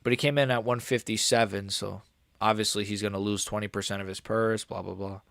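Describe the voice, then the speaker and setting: A man's voice: fairly low pitch, fairly even intonation, fairly quick, vocal fry, fairly bright tone, no echo. A man hosting a live stream, reacting to a fight in a casual, rambling, profane way.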